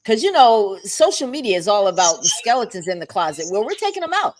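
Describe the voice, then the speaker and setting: A woman hosting a livestream talk show, bubbly and animated, talking straight to her viewers. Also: medium pitch, quick pace, a crowd in the background. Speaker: host.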